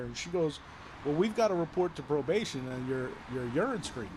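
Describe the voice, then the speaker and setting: Animated man telling a story outdoors. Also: a little high, brisk, slight background noise. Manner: animated storyteller, acts out quoted voices, swears freely. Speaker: guest telling his story. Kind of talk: casual chat.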